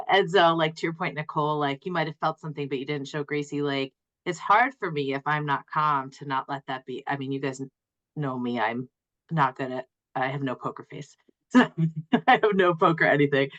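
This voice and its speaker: A woman's voice: deep voice, normal speed, fairly bright tone, dull audio. A woman guest on a podcast, a mother, chatting casually in a bubbly way, laughing often and using lots of fillers. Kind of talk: casual chat.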